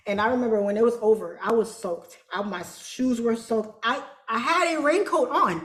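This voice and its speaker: A woman telling a story as an interview guest, animated and colloquial, acting out quoted voices. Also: on the high side, moderate pace, hardly any pauses, reverberant. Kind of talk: casual storytelling.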